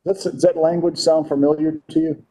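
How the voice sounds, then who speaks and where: Mellow-voiced male preacher teaching scripture. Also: mid-range voice, measured pace, poor audio. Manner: asks the listeners frequent rhetorical questions; reads scripture aloud and then explains it. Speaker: pastor. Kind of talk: Bible teaching sermon.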